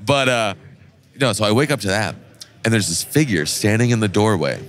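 A man's voice: lowish voice, a little fast. A man hosting a podcast interview at a trade show, talking loosely and casually with plenty of fillers. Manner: relaxed and loose, with many fillers and restarts. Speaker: podcast host. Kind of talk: casual interview chat and storytelling.

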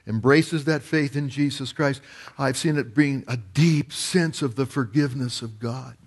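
A male pastor preaching a sermon, telling a story and rising to loud, emphatic peaks. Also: medium pitch, fairly even intonation, moderate pace.

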